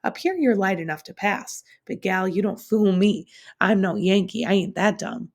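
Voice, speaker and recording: A sneering middle-aged landlady with a mean, snapping drawl, as a woman reading aloud puts her on. Her voice has a gravelly edge and carries scorn in every line. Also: medium pitch, expressive, moderate pace. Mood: scornful.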